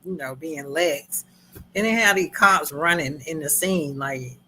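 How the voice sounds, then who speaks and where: Slow-talking woman co-hosting a movie chat. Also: low voice, slight background noise, low-quality recording. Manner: animated, acts out scenes in quoted voices, laughs often. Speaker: movie review co-host. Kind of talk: casual chat.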